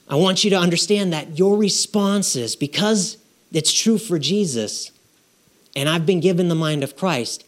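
A man preaching a sermon in a conversational style, often checking in with his listeners with quick "right?" and "okay?" asides. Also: on the high side. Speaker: pastor.

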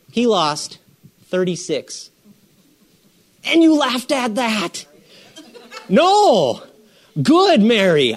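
Guy preaching, high voice that bounces all over, chatty, keeps asking the crowd stuff. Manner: animated, conversational, asks the congregation questions; repeats phrases for emphasis. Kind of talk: sermon.

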